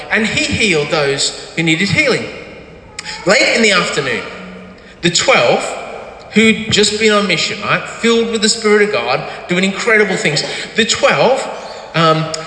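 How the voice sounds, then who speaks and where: Animated high-voiced preacher. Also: male voice, roomy sound, big-room sound, a little hiss or hum, rough recording. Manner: animated storytelling, acting out quotes. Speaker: pastor. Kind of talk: sermon.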